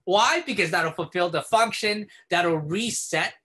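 A man teaching a casual behavior-therapy lesson with a bright, forceful voice. He explains in an animated, chatty way, often slipping into little acted-out scenes. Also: high-pitched, unhurried, husky. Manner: animated, casual, acts out examples.

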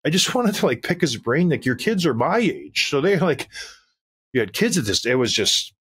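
A man's voice: fairly high pitch, moderate pace, breathy edge. Laughing man telling hockey stories. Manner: laughs often, animated retelling with quoted asides. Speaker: podcast host. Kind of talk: casual storytelling chat.

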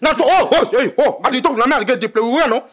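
An actor playing a loud, excitable male landlord who scolds his tenants in Cameroonian Pidgin. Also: very high-pitched. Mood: angry. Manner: shouting, scolding, rapid Pidgin. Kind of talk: TV comedy drama acting.

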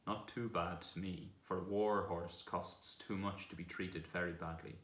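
A man voicing a proud, brisk male talking war horse who speaks with scorn and command. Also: sits low, steady tone, a bit bright. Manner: brisk, commanding, contemptuous at times. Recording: echoey room.

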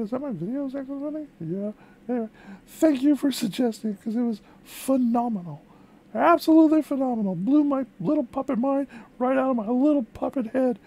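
A woman voicing an excitable female puppet who hosts a music reaction vlog, gushing and exclaiming with lots of repeated words. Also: sits high. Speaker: reaction video host.

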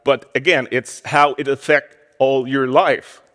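A man's voice: medium pitch, steady tone, measured pace, a bit bright. A man in his forties with a French Canadian accent giving a candid, self-deprecating conference talk. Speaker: conference speaker. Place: conference hall. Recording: conference hall with long reverb.

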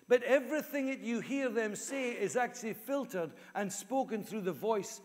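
A man's voice: high-pitched, long reverb tail. A male pastor preaching a sermon in an earnest way, repeating key phrases for emphasis. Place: church hall.

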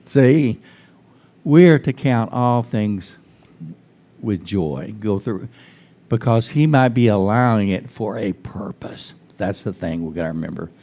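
A man's voice: on the low side, animated, slow, warm tone. Man preaching a folksy sermon. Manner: folksy, frequent restarts, questions to the congregation. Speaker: pastor. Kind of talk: informal conversational sermon. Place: church sanctuary.

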